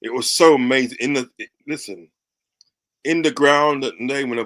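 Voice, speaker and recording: A man's voice: mid-range voice, moderate pace, fairly bright tone. A man in casual football chat, enthusiastic and often asking "do you know what I mean".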